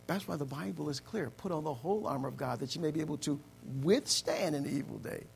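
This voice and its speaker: A pastor preaching a sermon, repeating phrases and building from quiet storytelling to loud exhortation. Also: male voice, on the high side, very animated, fast talker, gravelly, hardly any pauses, a little hiss or hum.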